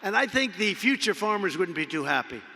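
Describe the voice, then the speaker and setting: A man's voice: high voice, sing-song, a little fast, sharp tone, a little hiss or hum. A man giving an off-the-cuff political speech at a convention, rambling and repeating himself with conversational asides. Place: large indoor convention arena. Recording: long arena reverb from a PA.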